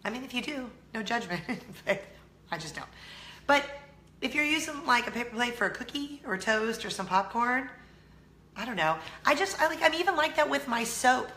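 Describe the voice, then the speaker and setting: A bright, forward-sounding woman with a slight Southern drawl, chatting to her viewers with a voice roughened by a lingering cold. She is self-mocking and laughs easily, and the room around her echoes a little. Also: a little high, lively intonation, moderate pace, a little hiss or hum. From California. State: hoarse from a cold. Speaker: vlog host. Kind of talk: casual chat to camera.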